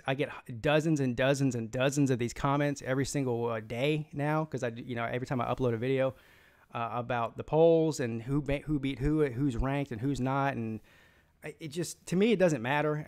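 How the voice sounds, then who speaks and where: Casting: male live-stream sports host, opinionated, rambling, restarts and fillers, mid-pitched voice. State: has the hiccups. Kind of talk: live stream chat, reading comments.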